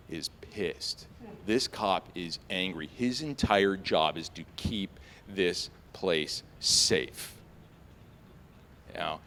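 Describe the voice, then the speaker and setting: A young man telling a personal story live on stage, casual and animated, with frequent fillers and sudden high-pitched jumps when he quotes his own panic. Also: slight background noise.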